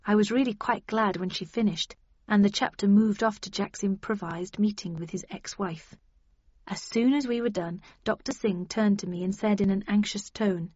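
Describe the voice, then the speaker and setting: A woman narrating an audiobook in a steady, wry storytelling manner. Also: mid-range voice, moderate pace, breathy edge, no echo, lo-fi sound.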